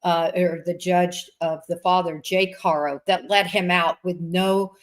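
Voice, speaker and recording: Woman host, lower voice, halting chat, many restarts, video call. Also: fairly even intonation. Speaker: host, former FBI agent. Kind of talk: casual interview chat.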